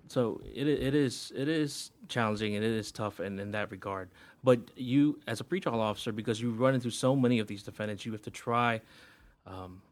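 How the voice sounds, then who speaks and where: A man working as a pretrial officer, answering interview questions hesitantly with many pauses. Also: fairly low pitch. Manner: hesitant, many fillers and restarts.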